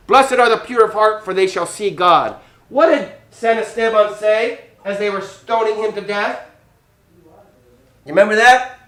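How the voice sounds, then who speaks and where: With a high-pitched voice, slow delivery, and long pauses, a man teaches kids a Bible lesson in the role of a priest. He is animated, acts out the scenes, quizzes the children, and sprinkles Spanish words into his English.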